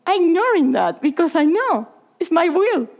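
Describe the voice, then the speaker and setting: High-voiced woman preaching in English. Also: very animated, normal speed, highs cut off. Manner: non-native English with Spanish slips, drops to whispers. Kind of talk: sermon.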